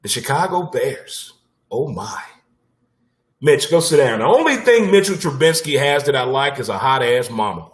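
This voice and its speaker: A man hosts a casual sports talk show in a mid-range voice at a moderate pace. His delivery is blunt and animated, with occasional swearing and punchlines he repeats for effect.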